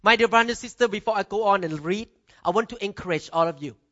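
A man's voice: high-pitched, quick pace, a bit bright. A middle-aged male pastor, preaching emphatically and punctuating points with "Amen.". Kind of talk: sermon. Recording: dull lo-fi recording.

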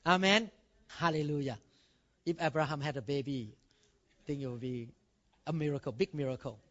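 A man's voice: a little high, moderate pace, fairly bright tone. A male pastor preaching a sermon emphatically, calling out amen and quizzing the congregation. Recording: dull lo-fi recording.

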